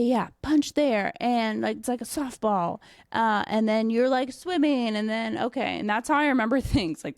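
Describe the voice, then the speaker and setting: Animated young woman telling a story. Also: on the high side, dry recording, studio quality. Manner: animated, swears a lot, many fillers. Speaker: dog trainer and company owner. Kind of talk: casual storytelling.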